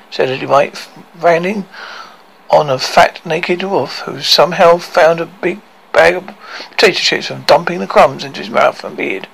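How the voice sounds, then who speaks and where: Man reading a funny storybook aloud, pretty high voice, lively, gravelly edge. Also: normal speed, low-quality recording. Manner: animated, expressive reading with occasional stumbles. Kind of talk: storybook read-aloud narration.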